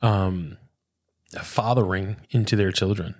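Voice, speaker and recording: A man's voice: low voice, steady tone, takes it slowly, no echo, clean studio sound. A man in his thirties, a pastor, talking earnestly and reflectively in a casual interview, often saying "man" and "dude". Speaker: pastor, podcast guest.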